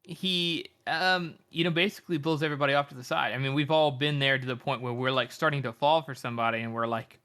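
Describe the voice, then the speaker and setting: Bright, animated podcast man. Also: medium pitch, fast talker, hardly any pauses. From American South. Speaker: podcast co-host. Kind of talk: casual book-discussion chat.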